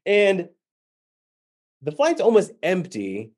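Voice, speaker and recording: Animated male motivational storyteller. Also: sits high, slow. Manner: animated storyteller acting out quoted voices. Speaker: keynote speaker.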